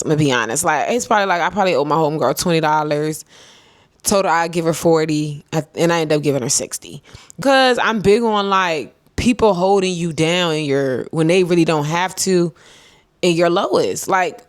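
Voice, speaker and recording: Chatty young woman with a dry close sound. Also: dry recording. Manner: chatty, talks to viewers as "girl" and "y'all"; reflective, swings high and low in pitch. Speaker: vlogger. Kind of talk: casual storytime to camera.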